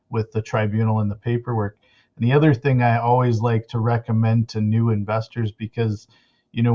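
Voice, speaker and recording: Flat-toned male host, lo-fi audio. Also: medium pitch. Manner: measured, advising. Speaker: podcast host. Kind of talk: casual chat. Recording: dull lo-fi audio.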